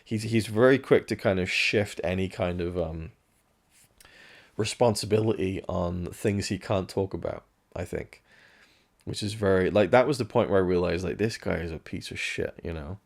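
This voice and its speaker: A man's voice: low-pitched, moderate pace, gravelly. A man giving a casual spoken film review, musing and candid, now and then swearing.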